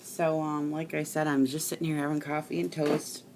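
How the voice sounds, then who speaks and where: Low-voiced chatty woman crafting live. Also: flat delivery, moderate pace, background noise. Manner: rambling, chatty, swears freely. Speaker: crafting live-stream host. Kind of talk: casual chat to live viewers.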